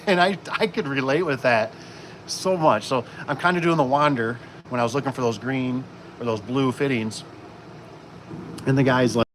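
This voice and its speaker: A man in the middle of his pitch range talks through a casual livestream, rambling and circling back with fillers and restarts. Behind him an air conditioner hums and vehicles pass, so the recording is noisy throughout. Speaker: garage door installer hosting a livestream.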